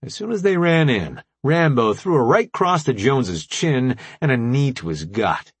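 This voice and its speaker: A man narrating an action audiobook in a steady, dramatic storytelling manner. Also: medium pitch, moderate pace, breathy edge, no room sound.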